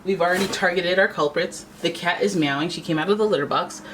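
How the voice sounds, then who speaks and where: A woman talks through a tarot reading in a loose, playful way, wandering off into asides as she goes. Her voice sits fairly low, then leaps up high on exclamations. A faint hum of background noise runs under her. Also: fast. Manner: chatty and playful, jumps between asides; animated, pitch often jumps up on exclamations. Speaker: tarot reader. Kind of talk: casual tarot reading to camera.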